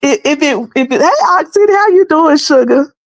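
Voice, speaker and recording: Lively woman livestreamer, dry close sound. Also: sits high, normal speed, no room sound. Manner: lively, colloquial and preachy, often laughing. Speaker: livestream host. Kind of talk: casual livestream commentary.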